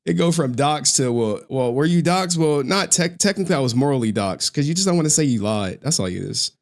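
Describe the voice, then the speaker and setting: A man's voice: on the high side, lively intonation, fairly quick, gravelly. A male streamer in a casual, profane rant to his viewers, slangy and often laughing.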